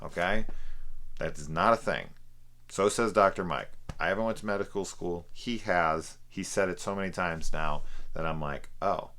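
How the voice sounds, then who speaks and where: A man's voice: low voice, normal speed, a bit bright. A young man casually reviewing a film, rambling, swearing freely and laughing at how silly it is. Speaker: movie reviewer.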